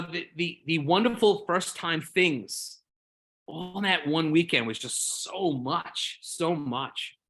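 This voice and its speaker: Bright-voiced man recounting in a rambling way. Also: fairly high pitch. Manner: rambling, repeats words while searching for them; earnest and openly emotional. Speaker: Jedi community member. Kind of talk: casual group discussion.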